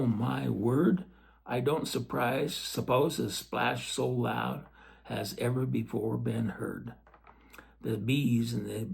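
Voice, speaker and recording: A man reads a storybook aloud at an unhurried pace, in a gravelly, husky voice. He keeps it gentle and turns to the listener now and then with chatty asides. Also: mid-range voice.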